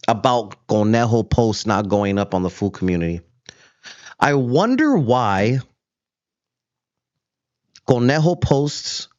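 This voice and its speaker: A man's voice: medium pitch, no room sound, dull audio. A host on a confrontational callout rant, taunting his target and calling him fool again and again. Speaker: show host.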